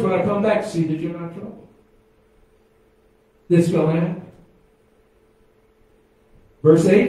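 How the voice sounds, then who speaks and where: A pastor preaching a sermon, calling out to the congregation and swinging from quiet asides to loud exclamations. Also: male voice, a little high, lively intonation, normal speed, long pauses. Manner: preaching with call-and-response to the congregation. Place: church sanctuary. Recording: echoey church from far off.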